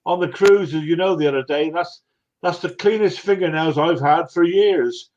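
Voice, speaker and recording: A man's voice: fairly high pitch, normal speed, darkish tone, muffled recording. A man in his late sixties with a West Country English accent, hosting a casual chat in a blunt, chatty way and chuckling often. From England. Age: 60s. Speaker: host.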